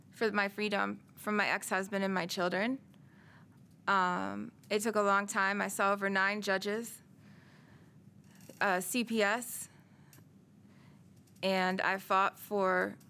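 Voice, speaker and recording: A middle-aged woman giving earnest, measured testimony as an interview guest, pausing often as she tells her story. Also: medium pitch, pushed and bright. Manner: earnest, measured, with frequent pauses. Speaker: interview guest, survivor of domestic abuse.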